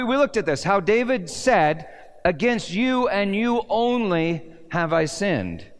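A man delivering a sermon in a fairly high voice. He tells his story in vivid bursts, rising to near-shouts and then dropping to a hushed low tone, and he keeps asking his listeners rhetorical questions. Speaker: pastor.

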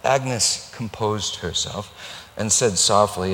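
A male pastor telling a story in a sermon, animated and acting out the dialogue. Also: on the low side, slow. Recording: long reverb in a large hall.

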